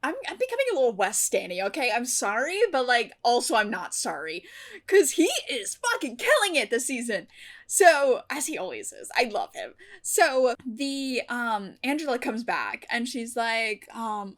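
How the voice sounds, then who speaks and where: A woman's voice: fairly high pitch, normal speed. Chatty young woman reviewing an episode. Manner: chatty, animated, swears a lot and laughs often. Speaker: TV reaction YouTuber. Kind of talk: casual episode recap and review.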